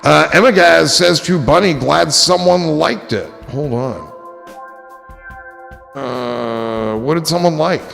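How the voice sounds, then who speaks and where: Gravelly, joking man hosting a stream. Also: on the high side, animated, slow, a bit bright, big-room sound, soft background music. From New Jersey. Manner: rambling, joking, profane. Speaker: livestream host reading chat. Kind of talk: casual chat.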